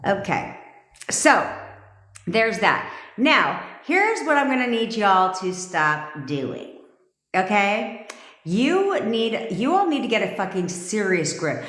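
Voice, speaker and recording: A woman's voice: mid-range voice, sing-song, slow pace, fairly bright tone. A woman coach talking casually and bluntly to her livestream viewers, swearing freely and laughing often, recorded on a phone at home. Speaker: manifestation coach. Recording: echoey room.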